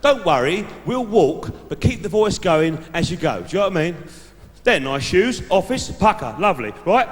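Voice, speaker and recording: A man's voice: high-pitched, big pitch swings, moderate pace. A man doing a stand-up act as a brash, laddish bloke giving dating tips to a live audience. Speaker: stand-up comedian. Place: large live venue stage. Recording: echoey hall from the stage mic.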